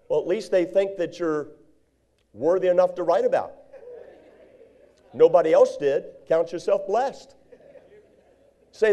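High-voiced male preacher. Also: moderate pace, pauses often, dark tone. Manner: preachy, acts out quoted voices, reads King James verses. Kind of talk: sermon.

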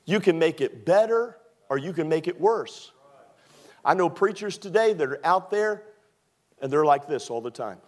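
A man's voice: a little high, lively intonation, normal speed. A man from Maryland preaching a sermon as pastor. His delivery is conversational and joking, with emphatic swells.

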